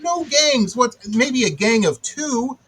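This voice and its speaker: A man's voice: very high-pitched, slow, breathy edge, low-quality recording. A man from Detroit hosting a radio interview, telling stories with sarcastic exaggeration. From Metro Detroit. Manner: animated storyteller, sarcastic exaggeration. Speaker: radio show host. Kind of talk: casual interview chat.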